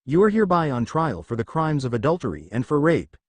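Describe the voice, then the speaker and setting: A man's voice: a little high, very animated, fairly quick, no room sound. A man reading as a stern warrior queen. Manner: formal, pronouncing judgment. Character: stern commanding warrior queen, older woman.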